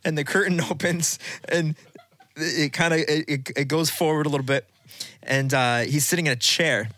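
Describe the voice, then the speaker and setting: A man in his thirties hosting a podcast, telling stories in casual chat, animated and swearing freely with laughs mid-story. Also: fairly high pitch, moderate pace. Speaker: podcast host.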